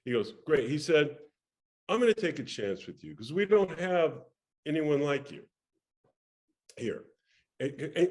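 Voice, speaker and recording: Here an older male interview guest relates a lively career story, voicing the people he quotes and frequently starting his sentences over. He speaks a little slowly in a voice on the high side, leaving long pauses.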